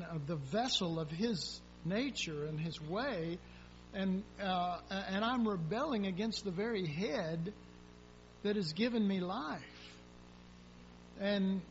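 A man's voice: sits high, expressive, slow pace. A man preaching a sermon in a folksy, rambling way, acting out prayers and asking the congregation questions. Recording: dull lo-fi sound with faint hum.

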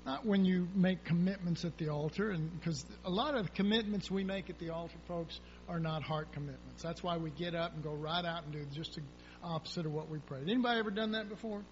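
High-voiced folksy preacher. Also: male voice. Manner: folksy, rambling, with acted prayers and asides. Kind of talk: sermon. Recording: dull lo-fi sound with faint hum.

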